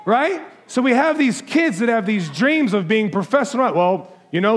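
Man preaching, high voice, conversational, asks the kids questions. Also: very animated, moderate pace, hardly any pauses. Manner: warm, conversational preaching, walks into the crowd asking kids questions. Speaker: pastor. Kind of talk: Christmas sermon, talking with children.

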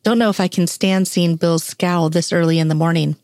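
A woman's voice: fairly low pitch, steady tone, fairly quick, darkish tone, no room sound, studio quality, lightly acted. A woman reading fan fiction aloud, voicing an injured adult man agent in a wry, teasing tone.

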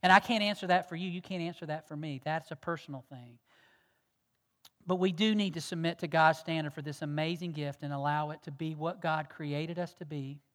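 Pleading pastor in a reverberant church. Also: male voice, fairly high pitch, steady tone, a little fast. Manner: earnest pleading, swings from loud exhortation to hushed tones. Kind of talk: sermon. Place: church sanctuary. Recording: long reverb of a church hall.

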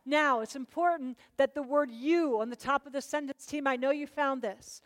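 A woman's voice: high voice, normal speed, no room sound. A woman leading a Bible study class, questioning her students and urging them to answer.

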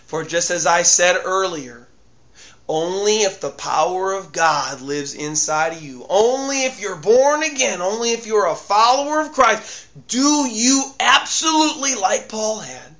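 Sex: man. Role: pastor. Style: emphatic sermon with repeated phrases. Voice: high and bright. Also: animated, unhurried, muffled recording.

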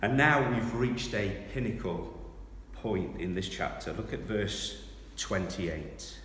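A man delivers a sermon at an unhurried, deliberate pace, swelling to loud, dramatic scripture readings before settling into quieter reflection. He is recorded from a distance in a large church hall, with a heavy wash of echo and a faint hum of room noise. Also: on the low side, expressive. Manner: slow, emphatic preaching that rises to loud dramatic readings. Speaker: pastor. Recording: echoey hall from far off.

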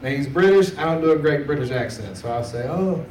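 A man with a medium-pitched, slightly mellow voice delivers a laid-back, chatty stand-up set on a comedy club stage, speaking quickly with lively intonation and laughing at his own jokes. He's recorded from a distance, so the club sounds roomy, with a little background noise.

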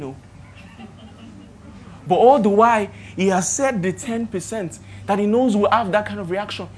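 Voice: medium pitch, a little hiss or hum. Impassioned preacher with a Nigerian accent. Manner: impassioned, swings between loud emphatic build-ups and quiet, slowed-down points; asks rhetorical questions of the congregation. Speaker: pastor. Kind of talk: sermon.

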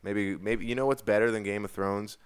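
A man's voice: fairly low pitch, steady tone, normal speed, clear, resonant tone, no echo. A man co-hosting a podcast in casual comedic chat, profane and jokey, slipping into mock accents and sung bits. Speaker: podcast co-host.

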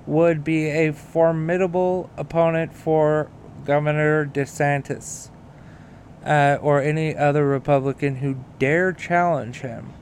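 A man's voice: fairly high pitch, fairly even intonation, unhurried, a little hiss or hum. A man hosting a podcast, reading news and riffing in a profane, rambling, self-mocking way. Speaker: podcast host. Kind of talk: casual news commentary.

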